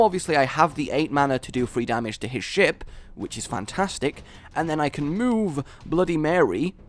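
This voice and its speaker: Young male gaming host, lively pitch, excitable play-by-play with gleeful shouts. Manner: animated, with loud triumphant outbursts. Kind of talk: excited gameplay commentary.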